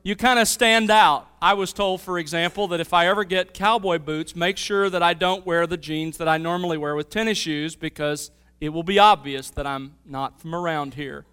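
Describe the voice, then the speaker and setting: A man preaching a sermon, telling a story and then moving into Bible teaching with a lively, varying delivery. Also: on the high side, normal speed, hardly any pauses, clear, resonant tone. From Mobile, Alabama area. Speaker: pastor.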